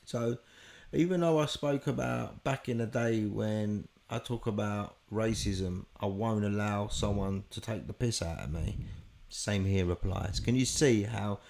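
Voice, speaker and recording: A man's voice: on the low side, measured pace, vocal fry, a little mellow. A middle-aged man, a podcast guest telling a vivid, swear-filled story and acting out the voices in it. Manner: vivid, profane storyteller who acts out quotes.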